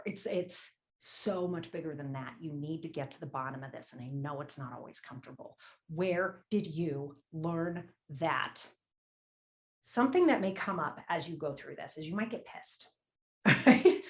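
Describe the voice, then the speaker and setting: A woman leading a money-mindset workshop, candid and emphatic, swearing casually and repeating a prompting question. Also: on the low side. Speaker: workshop leader. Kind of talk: motivational workshop talk.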